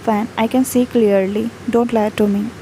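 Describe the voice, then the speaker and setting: A worried mother from a fan story presses her teen son to stop lying to her, read by a woman in a slightly high, mellow voice. She is stern and pleading. A faint hiss lies under the recording. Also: fairly even intonation, normal speed, close to an everyday voice, low-quality recording.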